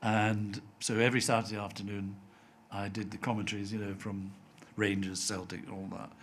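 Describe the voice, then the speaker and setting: An older man from Scotland with a softened Scottish accent, a TV writer telling anecdotes as an interview guest and acting out the voices of people he quotes. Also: on the low side, flat delivery, moderate pace, slight background noise. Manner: chatty storyteller, acts out quoted voices, laughs often.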